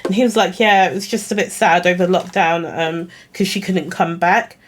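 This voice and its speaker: A woman's voice: mid-range voice, normal speed. A young woman, telling a story casually to camera in a chatty, giggly, self-conscious way. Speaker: vlogger.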